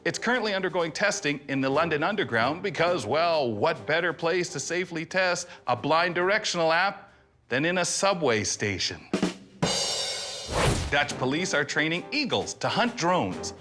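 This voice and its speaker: A man hosting a comedy TV segment with a wry, deadpan delivery and a lively, swinging pitch. Bagpipe music plays clearly behind his voice. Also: moderate pace. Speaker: host.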